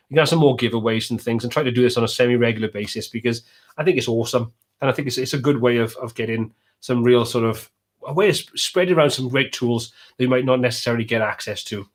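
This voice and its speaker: A man with a Welsh accent, casually chatting as host of a live stream and reading out viewers' comments. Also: mid-range voice.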